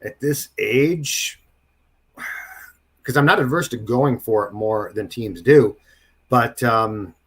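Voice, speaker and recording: A man's voice: lowish voice, a little slow, a bit bright, slightly rough. A man co-hosting a casual sports podcast, talking with emphatic, storytelling energy. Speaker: podcast co-host.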